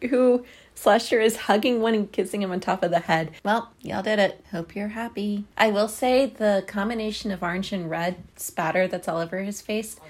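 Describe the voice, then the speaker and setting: A woman talks through a low-budget film in a casual, riffing way. Her voice sits at an ordinary middle pitch. Her asides are sarcastic and wry, and she often breaks into laughter. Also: moderate pace, darkish tone. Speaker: movie recap commentator. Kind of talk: casual riffing movie recap.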